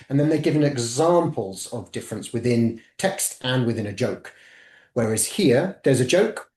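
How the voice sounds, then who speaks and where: A man's voice: medium pitch, a little mellow. A man gives an academic webinar in a mid-range voice, stepping methodically through one slide after another. His voice carries a roomy echo around it. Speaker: webinar presenter.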